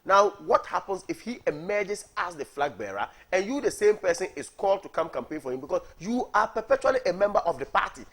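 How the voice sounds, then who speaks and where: A man's voice: sits high, sing-song, fairly quick, hardly any pauses, a bit bright. A man, a party coordinator arguing emphatically as a guest in a TV studio, repeating words for stress. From Ghana. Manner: emphatic, repeats words, asks "are you getting me". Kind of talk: heated political debate on morning TV.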